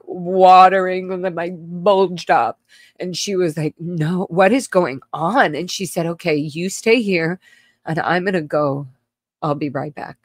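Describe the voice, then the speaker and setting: A woman with a fairly low voice recounts her childhood to a livestream audience. She talks haltingly, full of restarts and fillers, and can turn blunt and profane. The sound is dry and close, with no room around it. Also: dry recording. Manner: blunt, swears. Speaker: livestream host telling her own story. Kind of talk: casual personal storytelling.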